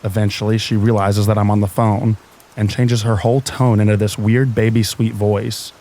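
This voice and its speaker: A man narrating true scary stories in a calm, even reading meant to help listeners fall asleep. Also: lowish voice, normal speed.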